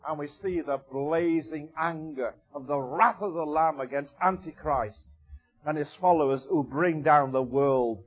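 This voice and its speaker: A man preaching a sermon with passion, asking rhetorical questions and swinging between loud, high bursts and quiet, low asides. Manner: impassioned, rhetorical questions, wide swings in pitch and loudness.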